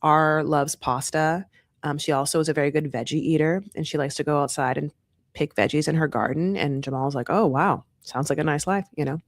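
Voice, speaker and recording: A sassy, outspoken man recaps a reality show in an unfiltered way, with plenty of swearing. He bounces into a higher voice whenever he quotes someone. The sound is dry and close, with no room echo. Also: steady tone, fairly quick. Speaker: TV recap host.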